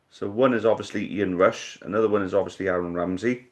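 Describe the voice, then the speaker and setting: A man hosting a live-stream quiz, chatting casually, thinking out loud, swearing now and then and calling the players mate. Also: fairly low pitch, steady tone, fast talker, few pauses.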